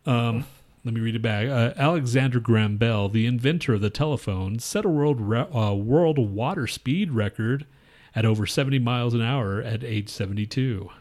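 A man's voice: medium pitch, moderate pace, a little mellow. A man co-hosting a podcast who rambles through crude jokes, swears a lot, and reads trivia facts aloud in casual banter. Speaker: podcast co-host.

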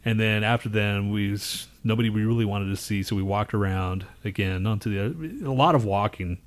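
A man's voice: lowish voice, normal speed. A man co-hosting a casual podcast chat, ranting, swearing constantly and laughing often. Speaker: podcast co-host.

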